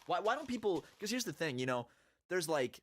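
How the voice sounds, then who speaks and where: A man's voice: high-pitched, sing-song, fairly quick, a bit bright. A young man chatting casually and crudely while playing a building game, rambling with lots of restarts. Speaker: gaming video host. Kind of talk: casual chat.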